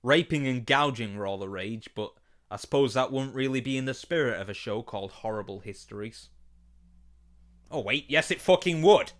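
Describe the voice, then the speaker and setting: A man's voice: mid-range voice, animated, moderate pace. A man giving comedic cartoon-review commentary in an incredulous, sarcastic and profane manner.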